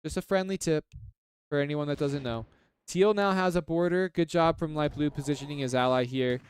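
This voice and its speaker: A man's voice: a little high, a little fast, clean tone. A man giving casual live commentary on a strategy game, chatty and analytical, with lots of filler words. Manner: chatty and analytical, heavy use of "like".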